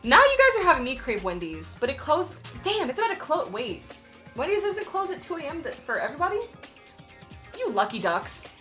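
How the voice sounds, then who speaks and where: A woman's voice: sits high, huge pitch swings, brisk, bright, forceful tone, soft background music. A young woman streamer chatting casually with her viewers, often laughing and apologizing as she reads chat.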